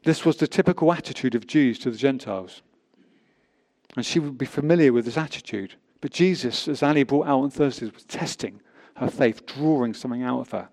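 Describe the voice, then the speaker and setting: Gravelly-voiced man preaching a sermon. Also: medium pitch, fairly quick, a little mellow. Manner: reads scripture aloud with emphatic rises and drops.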